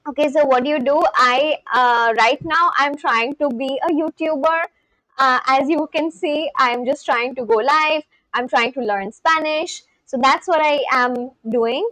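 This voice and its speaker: A woman's voice: high voice, measured pace, bright, forceful tone, dry recording, rough recording. A young woman from West Bengal, India, chatting casually with viewers on her live stream and answering their questions as she reads them out. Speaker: livestreamer.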